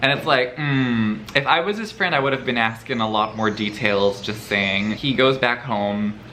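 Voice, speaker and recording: A bright, forceful man talks through his reading in a casual vlog, animated and swearing freely in a campy way. A faint ambient hum sits under his voice. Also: medium pitch, normal speed. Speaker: book vlogger. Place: indoors at home, later outdoors.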